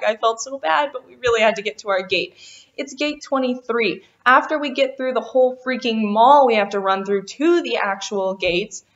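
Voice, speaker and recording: A young woman vlogger telling a lively storytime about a travel mishap, acting out what people said. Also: fairly high pitch. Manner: animated, quotes people in quick voices. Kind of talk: casual storytime. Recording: dull lo-fi sound.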